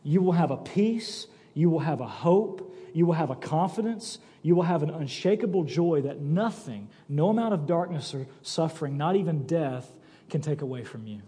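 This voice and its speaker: A male pastor preaching a sermon, telling stories with animated, acted-out quotes. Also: fairly high pitch, normal speed, husky. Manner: animated storytelling, acts out quoted voices. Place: church sanctuary. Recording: church sanctuary with long reverb.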